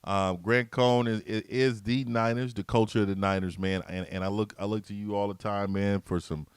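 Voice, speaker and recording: A man's voice: on the low side, moderate pace, clean tone, no echo. A man hosting a sports podcast, easygoing and hyped, often repeating words as he sets up his guest. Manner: easygoing, hype, repeats words when excited. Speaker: podcast host. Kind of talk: casual podcast chat.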